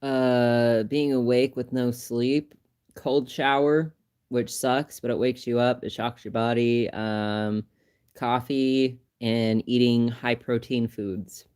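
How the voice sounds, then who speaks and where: A man chatting on his own livestream in a medium-pitched voice, relaxed and rambling. He laughs often and gets lively and animated when he retells a funny moment. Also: takes it slowly, clean tone. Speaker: livestream host. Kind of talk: casual livestream chat.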